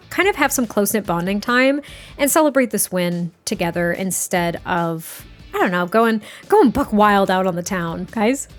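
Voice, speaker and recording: A woman hosting a gaming channel, chatting excitably through casual gameplay commentary. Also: medium pitch. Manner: excitable, chatty, frequent laughs and repeats.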